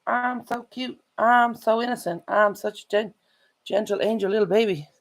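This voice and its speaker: Woman doing a pet dog voice, babyish, sing-song, high-pitched, cutesy. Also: moderate pace, natural voice. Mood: mock-innocent. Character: pet dog playing innocent, cutesy and sweet.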